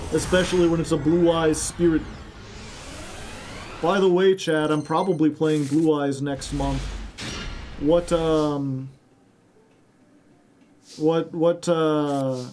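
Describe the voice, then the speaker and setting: A man's voice: fairly high pitch, darkish tone, a little hiss or hum. A man streaming a card game, chatting casually and spinning silly rambling stories.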